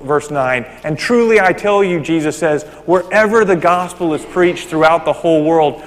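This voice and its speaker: A man preaching a sermon in a church, animated and emphatic, with frequent restarts, speaking into a microphone. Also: medium pitch, big-room sound. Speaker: pastor. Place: church sanctuary. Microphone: handheld or stand microphone.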